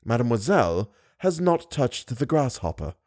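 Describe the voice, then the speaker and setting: A man plays a calm, menacing masked man who weighs every word with chilling deliberation. The delivery is lively in its rises and falls, and the recording is dry and close. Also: mid-range voice, no room sound, lightly acted. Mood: coldly menacing. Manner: slow, deliberate, icily composed. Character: cold, menacing masked male genius, calm.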